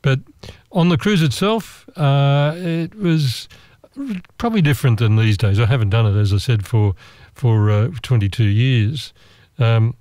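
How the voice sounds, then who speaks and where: An Australian man telling a travel story in a relaxed, meandering, chatty way, with asides and restarts. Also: mid-range voice, no room sound. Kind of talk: relaxed travel anecdote monologue.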